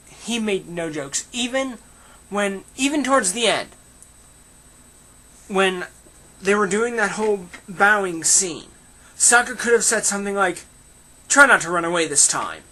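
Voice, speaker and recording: Someone with a medium-pitched voice that has a bright, sharp edge talks through a casual film review. The delivery is animated and opinionated, with mocking asides thrown in.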